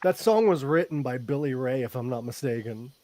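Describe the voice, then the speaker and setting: A man's voice: mid-range voice, lively intonation, brisk, a little mellow, dry recording. A man hosting a podcast, teasing his guest and laughing through crude jokes. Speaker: podcast host. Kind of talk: casual crude podcast banter.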